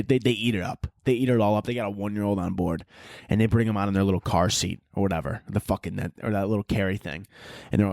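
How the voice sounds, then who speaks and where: A man's voice: on the low side, creaky, a little mellow, dry recording, clean studio sound. A young man hosting his own podcast, ranting casually with lots of swearing and laughing at his own jokes. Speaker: podcast host. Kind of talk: casual solo rant.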